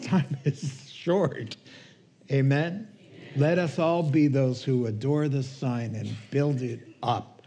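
A man preaching a sermon as pastor, slow and conversational, chuckling between points. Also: medium pitch, warm tone.

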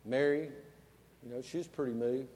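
Pastor man, chatty sermon, gets quiet then loud, echoey sanctuary. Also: mid-range voice, steady tone, normal speed. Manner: folksy, conversational, swings from quiet to loud. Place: church sanctuary.

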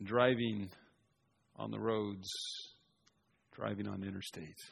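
A man preaching an expository sermon, shifting between emphatic raised passages and quiet asides. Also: lowish voice, fairly even intonation, takes it slowly, vocal fry, husky.

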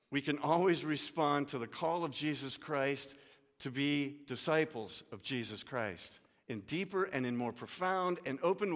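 A man's voice: mid-range voice, fairly bright tone, long reverb tail. A male pastor preaching a sermon, telling the story vividly and dropping casual asides.

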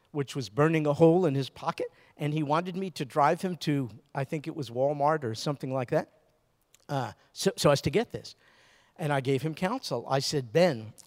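Older man preaching in a reverberant hall. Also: a little high. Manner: conversational, animated storytelling with rhetorical questions. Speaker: pastor. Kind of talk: sermon.

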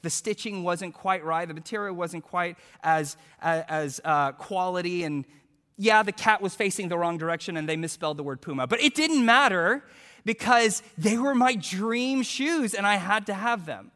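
A male preacher telling a story in a sermon, animated as he acts out quotes, then turning hushed and earnest. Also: high voice, moderate pace, long reverb tail.

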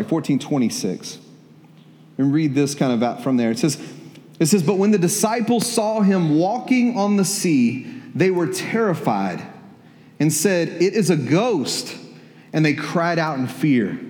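A man's voice: mid-range voice, a little mellow. A man preaching a sermon in a church, conversational, repeating words and asking the congregation questions. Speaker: pastor. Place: church hall. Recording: echoey hall.

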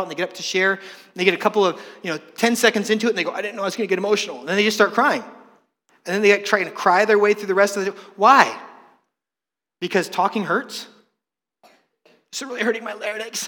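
A man preaching a sermon as pastor to his congregation in church, animated and joking with the people in the room. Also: high voice. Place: church hall. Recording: long reverb of a church hall.

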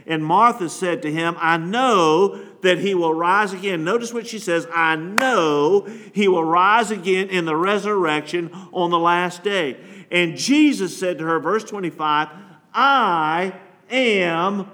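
A man's voice: sits high, a bit bright. A man pastor preaching a sermon, reading scripture and asking the congregation to call out words.

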